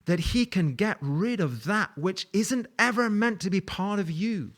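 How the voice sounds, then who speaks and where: A man's voice: high voice, expressive, a little slow, a bit bright. A man preaching a sermon in a conversational, storytelling way, with light laughs. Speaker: pastor.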